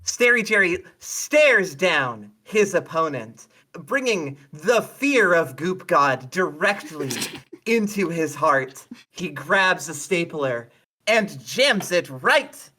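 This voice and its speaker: A player spins an improvised comedy story, slow and unhurried. The delivery is deadpan and the tone is bright. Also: mid-range voice.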